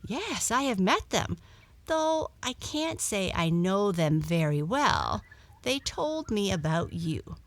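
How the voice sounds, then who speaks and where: A woman's voice: medium pitch, big pitch swings, slow pace, no echo, pitched above the performer's own voice. A woman voicing a small, timid female cat who is tired and hungry, speaking in a pleading, earnest way. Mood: eager.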